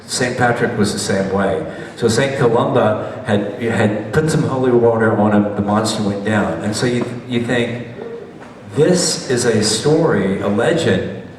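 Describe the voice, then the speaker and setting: A man's voice: on the low side, a little slow, a little hiss or hum. A man giving a chatty, rambling slideshow travel talk and questioning his audience. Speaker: presenter, doctor. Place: large meeting hall. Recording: echoey hall, voice from far off.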